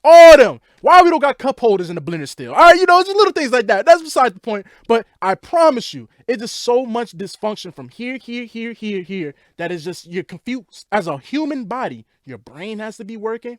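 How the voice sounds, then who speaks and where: A man's voice: sits high, no echo, studio quality. A young man hosting a sports vlog, giving casual commentary as an exasperated fan on a rant. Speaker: sports podcast host.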